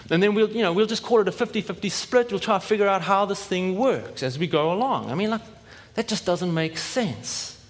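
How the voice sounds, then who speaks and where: A man preaching in a relaxed, chatty manner, acting out the voices of imagined listeners. His voice sits somewhat high for a man. It rings with a long reverb, as in a church hall. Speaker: pastor. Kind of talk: sermon.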